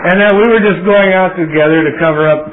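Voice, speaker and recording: A man's voice: sits high, fast, a little hiss or hum. A man telling his own recovery story to a meeting, self-mocking and loose, with many fillers and restarts. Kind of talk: personal story told to a live audience. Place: meeting room at a podium. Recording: tinny phone-like old tape.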